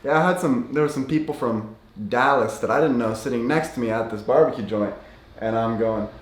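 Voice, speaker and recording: A young American man from near Portland hosting a casual interview, upbeat and animated, with lots of "like" and "you know". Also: medium pitch, brisk. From northern United States, near Portland. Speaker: host. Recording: echoey room.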